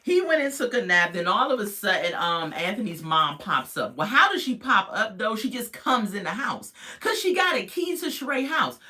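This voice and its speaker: A woman's voice: mid-range voice, big pitch swings, normal speed, hardly any pauses, bright, forceful tone. A woman casually recapping a reality TV episode, chatty and sassy with lots of asides.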